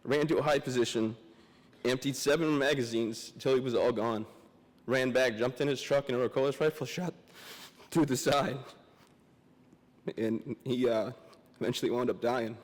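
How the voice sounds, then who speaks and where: A young man giving a memorial speech as a guest speaker, joking and self-deprecating, halting and emotional, close to tears. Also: medium pitch. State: emotional, teary. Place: large memorial hall. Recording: long hall reverb.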